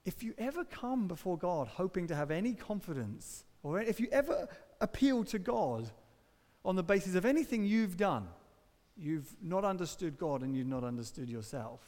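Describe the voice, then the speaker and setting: A man's voice: fairly high pitch, a little mellow. A man preaching a sermon in a church, earnest and emphatic, with touches of dry humour. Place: church hall. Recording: reverberant church hall.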